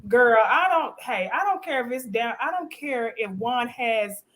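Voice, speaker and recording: A woman with a fairly high voice chats with animated, sassy energy, laughing between points as she recaps a reality show on a live panel. She drawls "honey" and "girl" for emphasis. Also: moderate pace. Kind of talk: casual show recap chat.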